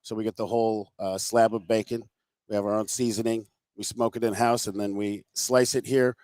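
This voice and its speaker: A man's voice: on the low side, little pitch movement, brisk, a little mellow, no room sound. A man working as a restaurant chef, explaining dishes in a friendly, hesitant way with many fillers.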